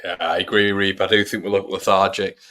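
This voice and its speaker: A man's voice: low voice, level tone, fairly quick, a bit bright. A man hosting a football fan watch-along, giving chatty live commentary and talking to his viewers. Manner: chatty, addresses viewers as everybody. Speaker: fan channel host.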